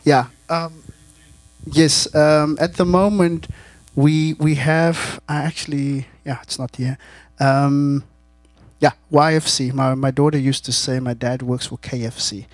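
A man's voice: fairly high pitch, steady tone, measured pace, no room sound. A South African man, a guest missionary, casually telling stories to a church audience, laughing often and repeating words as he talks.

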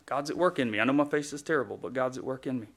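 A man's voice: mid-range voice, racing, a bit bright. A male pastor giving a conversational sermon, telling a story with self-deprecating humor and a casual delivery full of fillers.

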